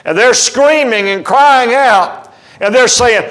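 A man's voice: extremely high pitch, takes it slowly, fairly bright tone, poor audio. A man preaching a sermon in a church, emphatic and full of stories and quoted dialogue. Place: church sanctuary.

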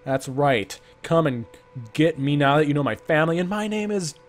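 A man doing gameplay commentary, rambling through an improvised backstory and breaking into panicky outbursts and rapid repeated commands. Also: fairly high pitch, lively intonation, soft background music. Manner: playful self-talk, rambling asides. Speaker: let's play gamer.

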